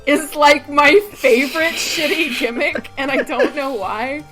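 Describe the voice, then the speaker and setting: A woman in her late twenties co-hosting a casual podcast, animated, laughing often and acting out little quotes. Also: high voice, measured pace, music in the background. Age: late 20s. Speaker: podcast co-host.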